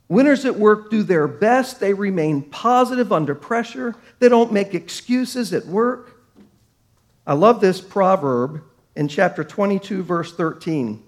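A man preaching a sermon to a congregation, acting out quoted complainers in animated bursts. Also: sits high. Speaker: pastor.

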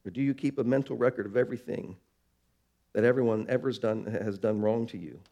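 A man preaching a sermon, slowing down for emphasis and swinging between soft, low lines and louder, higher ones. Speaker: pastor.

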